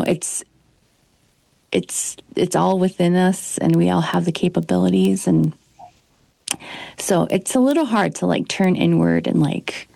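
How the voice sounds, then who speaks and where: A woman's voice: on the low side, creaky, dark tone, no room sound. A woman speaking in casual conversation, rambling and hesitant with many fillers.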